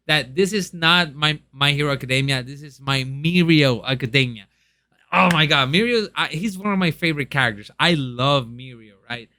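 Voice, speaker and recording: A man's voice: a little high, pushed and bright, smooth, dry recording. A young man chatting casually and eagerly in a review, with lots of ums and restarts. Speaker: manga reviewer.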